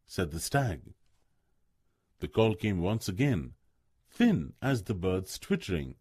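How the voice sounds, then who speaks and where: Slow, husky male storyteller. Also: low voice, no room sound, studio quality. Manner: expressive, slow. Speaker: narrator. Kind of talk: storybook narration.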